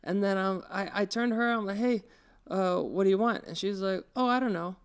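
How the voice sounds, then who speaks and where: A high-pitched, clear, resonant voice moves briskly as a young man co-hosts a podcast. In relaxed storytelling chat he's animated, acting out every quote.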